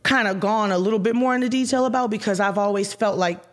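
A young woman, an interview guest and musician, telling an emotional story haltingly, with restarts and hushed whispered asides. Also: mid-range voice.

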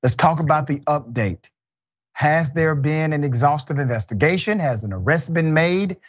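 A man's voice: a little high, expressive, moderate pace, no echo, muffled recording. A man hosting a news talk show, reading viewer comments and a company statement and questioning a guest. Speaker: host.

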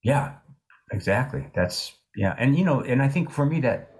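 A man in his sixties, an author in an interview, talking in a thoughtful, halting way with many restarts. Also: medium pitch, expressive, darkish tone. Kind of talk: reflective interview talk.

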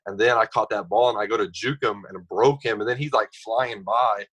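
A young man in his twenties, a podcast guest telling stories in a casual, animated way. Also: fairly low pitch, fairly quick, slightly rough, poor audio. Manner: animated storyteller, acts out others' lines. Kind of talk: casual storytelling.

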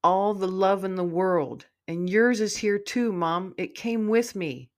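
A woman voicing an excited young male dog spirit, eager and sweet, in a spoken storybook. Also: mid-range voice, a little slow, pitched above the performer's own voice, natural voice.

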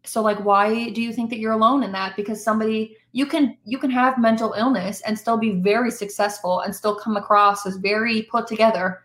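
A woman's voice: on the high side, fairly even intonation, a little fast, hardly any pauses, a bit bright. A woman, a musician talking candidly and self-deprecatingly as a podcast guest. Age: 20s. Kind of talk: casual interview chat. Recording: roomy echo.

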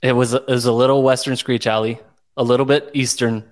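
A man's voice: mid-range voice, fairly quick. Guy from oklahoma on a sports podcast, laid back recap talk, normal mid voice. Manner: relaxed, easygoing analysis with fillers. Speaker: podcast co-host.

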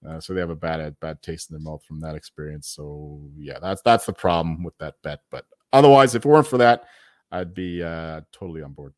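A man's voice: a bass voice, little pitch movement, brisk, few pauses, no echo, studio quality. A man co-hosting a sports betting podcast, talking in a rambling way, repeating words and swearing casually. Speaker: podcast co-host.

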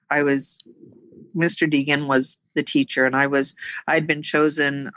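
A middle-aged woman telling her own life story in a halting, earnest way, with many pauses and fillers. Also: deep voice, a bit bright, no echo, rough recording. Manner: earnest and emotional. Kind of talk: personal storytelling.

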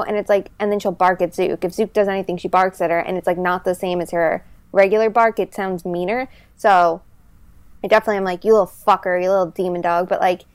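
A chatty woman tells animated stories in casual conversation, filling gaps with little verbal fillers. Her pitch is middling. The recording is dry and close. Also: no room sound. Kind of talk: casual chat.

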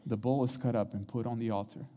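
A man's voice: medium pitch, fast talker. Dramatic male preacher in an echoey hall. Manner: dramatic, animated retelling with acted quotes. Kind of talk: sermon storytelling.

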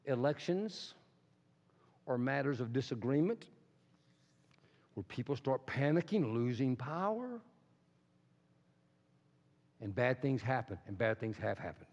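A man's voice: medium pitch, sing-song, unhurried, long pauses, darkish tone. A man preaching an impassioned, emphatic sermon as pastor in a church. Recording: echoey hall, dull sound.

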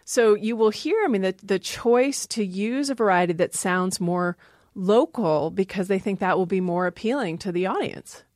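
A woman's voice: mid-range voice, normal speed, a little mellow, no echo, studio quality. A woman linguist explaining language in an interview, often laughing as she talks. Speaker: linguist guest. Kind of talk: interview talk.

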